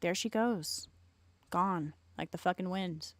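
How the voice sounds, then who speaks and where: A woman streamer giving loud, profane, rambling reaction commentary on a live stream. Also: lowish voice, takes it slowly, no room sound.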